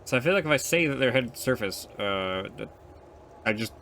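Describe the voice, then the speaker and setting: Young adult man, game streamer, casual let's-play chatter, rambling with fillers, lively pitch. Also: fairly quick, slight background noise.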